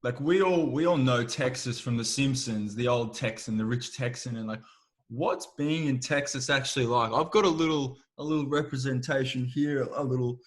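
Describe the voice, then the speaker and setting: A man's voice: mid-range voice, moderate pace. A man hosting a podcast, a former coach who tells stories and asks questions in a chatty, enthusiastic way. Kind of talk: casual podcast interview.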